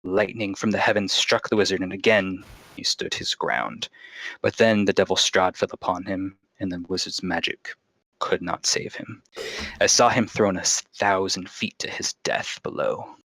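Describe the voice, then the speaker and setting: A man voicing a boastful, theatrical Vistani storyteller who tells a tale slowly and dramatically. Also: low-pitched, steady tone, fairly bright tone, dry recording, poor audio. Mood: dramatic. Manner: slow dramatic proclaiming.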